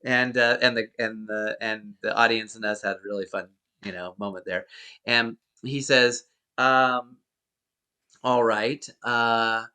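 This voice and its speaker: A man's voice: fairly low pitch, steady tone, measured pace, pushed and bright, clear, resonant tone. A man being interviewed as a guest actor, telling an anecdote in a rambling way with many fillers and restarts. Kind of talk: casual interview storytelling.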